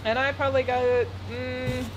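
A woman's voice: sits high, level tone, moderate pace. A woman co-hosting a casual unboxing, making dry, laughing asides. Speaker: co-host and reseller. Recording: background noise.

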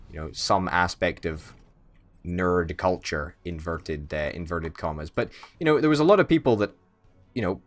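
Jokey low-voiced gaming host. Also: male voice, fairly bright tone. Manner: jokey, mock-indignant, swears freely. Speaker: let's play host. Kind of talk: casual gaming banter.

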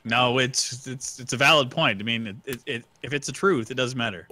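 A man's voice: medium pitch, fairly quick, pushed and bright, dry recording. A man in casual voice chat while gaming, easygoing and a bit lost, asking where the others are. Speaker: gamer.

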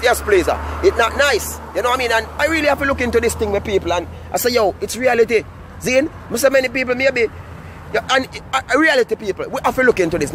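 A man's voice: high-pitched, a bit bright, slight background noise. A Jamaican man talking to his viewers in a casual, rambling vlog monologue full of "you know what I mean". He is recorded outdoors. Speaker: vlogger.

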